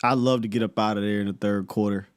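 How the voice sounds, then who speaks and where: A laid-back male host runs a sports call-in show with an easygoing manner. His voice sits a little low and sounds dry and close to the mic. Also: steady tone, fast talker, dry recording. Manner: easygoing, laughs along.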